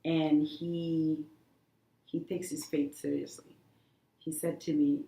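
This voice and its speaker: Woman guest telling her story, earnest and halting, kinda roomy echo. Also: low voice, flat delivery, vocal fry, warm tone. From The Gambia. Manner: earnest, halting, many restarts. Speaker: guest, cancer survivor. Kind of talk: emotional interview talk. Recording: echoey room.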